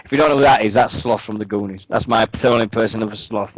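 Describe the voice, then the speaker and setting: A man's voice: fairly low pitch, quick pace, hardly any pauses, slight background noise, low-quality recording. A man co-hosting a wrestling radio show, bantering casually, joking and swearing as he rambles through stories.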